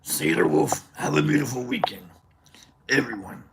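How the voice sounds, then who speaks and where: A man's voice: medium pitch, sing-song, normal speed, creaky, noisy background. A man hosting a livestream who tells a rambling, casual story, swearing freely and restarting his sentences often. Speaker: livestream host.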